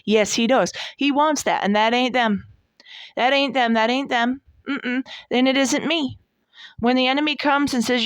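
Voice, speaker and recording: A woman's voice: high voice, fairly even intonation, moderate pace, smooth, dry recording, clean studio sound. A woman in her forties giving a devotional talk in an emphatic, folksy way, repeating her points for stress. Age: 40s. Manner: emphatic, repetitive, folksy preaching. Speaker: devotional podcast host.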